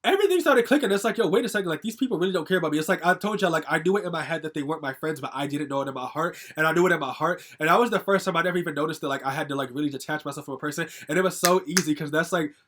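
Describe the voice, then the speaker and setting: A young man rants through a personal story, quick and fired up. His voice sits high for a man, and he swears freely and fills his talk with likes and ums. It is casual storytime talk aimed straight at his viewers. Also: fairly bright tone. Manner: angry, profane, ranting with many fillers. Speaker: vlogger telling a story.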